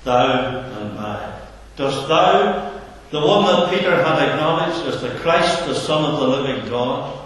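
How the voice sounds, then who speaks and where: A man preaching a sermon in an earnest, slow manner, sinking his voice low for emphasis. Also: expressive, fairly bright tone. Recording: echoey hall from far off.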